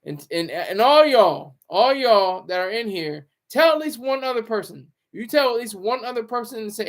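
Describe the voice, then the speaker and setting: A man's voice: sits high, expressive, normal speed. A man hosting his own livestream, chatting casually, joking and talking to his viewers. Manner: chatty, joking, talks to chat. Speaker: livestream host. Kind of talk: casual commentary.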